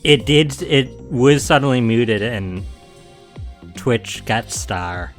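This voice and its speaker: A man guesting on a game stream over a call, speaking dryly and deadpan with small restarts. His pitch is mid-range, and faint music sits underneath. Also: takes it slowly. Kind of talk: casual let's-play chat.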